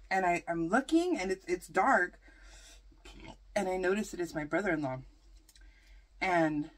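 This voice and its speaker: Chatty woman telling a storytime. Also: lowish voice. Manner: chatty, animated storytelling with many fillers. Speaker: mukbang vlogger. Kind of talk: casual storytime while eating.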